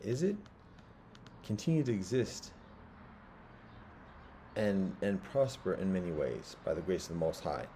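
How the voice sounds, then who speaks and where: A man in his fifties giving a rambling personal monologue, halting as he repeats words and restarts his sentences. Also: low voice, lively intonation, dark tone, slight background noise.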